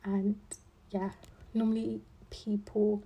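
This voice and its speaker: Young woman, podcast host, breathy voice, rambling chatty talk, sarcastic asides. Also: mid-range voice, flat delivery, slow, muffled recording. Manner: rambling, filler-heavy, with frequent "like" and "um"; playful sarcasm. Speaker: podcast host, law student. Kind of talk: casual chat.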